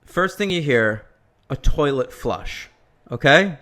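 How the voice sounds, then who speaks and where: A man's voice: fairly high pitch, slow. A man co-hosting a film podcast, chatting casually with crude jokes. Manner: jokey, animated, crude humor. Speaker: podcast co-host. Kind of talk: casual chat.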